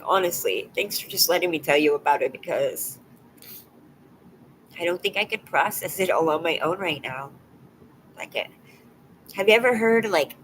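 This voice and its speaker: Emotional and close to tears, a woman talks casually to her live stream audience in a soft, hesitant manner that keeps drifting into a whisper. The audio is poor, with a faint hiss or hum, and her voice is fairly low.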